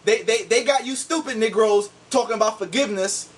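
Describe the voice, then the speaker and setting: A man's voice: high-pitched, brisk, recorded from a distance. A man delivering a heated, combative video rant, insulting his opponents and repeating "see?" to drive his points home. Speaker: online commentator.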